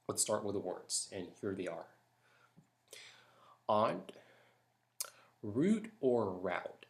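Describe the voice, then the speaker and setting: A man from Florida, talking softly and hesitantly late at night while doing a tag video. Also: sits low. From Jacksonville, Florida. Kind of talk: accent tag reading. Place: house at night.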